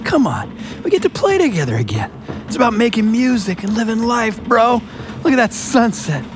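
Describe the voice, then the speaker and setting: An earnest, laid-back guitarist, as a man acts him out in a radio play, his voice moving widely up and down. Clear ambient noise sits around him. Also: extremely high pitch, very animated, moderate pace. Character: sentimental laid-back male guitarist, calls everyone bro. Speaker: actor. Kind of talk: audio drama acting. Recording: noisy ambience behind.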